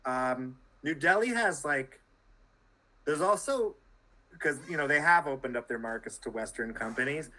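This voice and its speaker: A man talking as a guest on a conversational podcast, animated and full of quick asides. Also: medium pitch, low-quality recording. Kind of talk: casual conversation.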